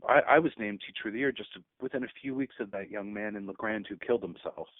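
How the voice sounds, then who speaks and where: A man's voice: deep voice, no echo. A man in his fifties, a teacher and guest on a radio show, speaking earnestly and at times choked up. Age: 50s. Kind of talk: emotional radio interview. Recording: tinny phone line.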